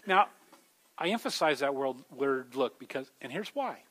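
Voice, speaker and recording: A man's voice: medium pitch, animated, moderate pace, fairly bright tone. A man preaching a sermon in a conversational way, calling his listeners folks and growing more emphatic as he urges them. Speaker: pastor.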